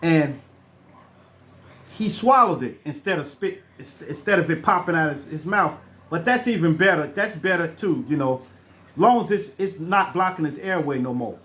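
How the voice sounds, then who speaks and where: A man's voice: high-pitched, expressive, normal speed, fairly bright tone. A middle-aged man telling true stories in a casual, rambling way, restarting his sentences and acting out the people in them. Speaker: storyteller. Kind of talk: casual spoken storytelling.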